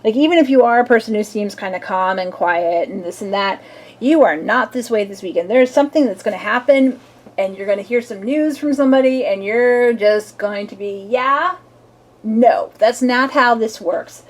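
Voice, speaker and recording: A woman's voice: mid-range voice, a little fast, darkish tone. A young adult woman, a tarot reader, chatting casually and playfully through a weekend reading and acting out little scenes.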